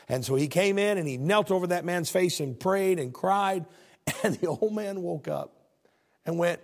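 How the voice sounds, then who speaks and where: A man's voice: high voice, animated, normal speed. A man preaching a sermon as pastor, earnest, reading scripture aloud and often repeating words.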